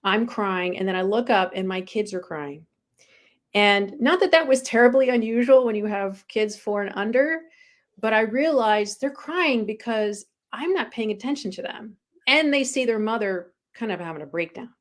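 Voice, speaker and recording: A woman's voice: a little high, normal speed. A woman guest, a spiritual coach, telling her own story frankly and with self-deprecating humor, with frequent ums. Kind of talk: candid personal storytelling.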